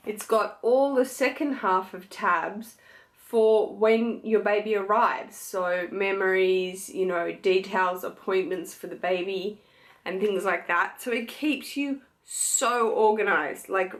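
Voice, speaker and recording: An Australian woman in her young adult years talks to her camera in a relaxed, unhurried way. She gushes over what she shows and leans on fillers, in a mid-range voice. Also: mid-range voice. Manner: chatty, gushing, many fillers. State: pregnant. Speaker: beauty vlogger. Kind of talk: casual chat to camera.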